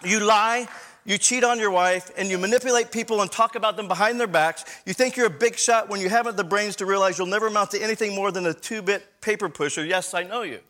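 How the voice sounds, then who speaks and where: A man doing a blunt, sharp-tongued old grandma. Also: high voice, quick pace, slight background noise, voice pushed up. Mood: scolding. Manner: scolding, listing faults bluntly.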